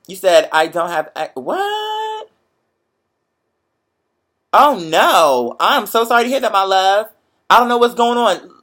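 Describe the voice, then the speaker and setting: A young man hosting a show, chatting to viewers in a lively, profane, motivational storytelling way. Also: high-pitched. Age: young adult. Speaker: show host. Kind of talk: casual livestream chat to viewers.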